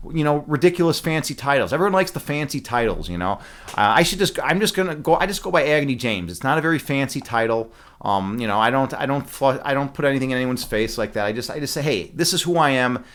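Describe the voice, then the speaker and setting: Male streamer, mid-pitched, rambly and filler-heavy, chatting with viewers. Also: animated, quick pace, a bit bright. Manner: rambling, many fillers and restarts; laughs at his own jokes. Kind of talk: casual chat with live chat.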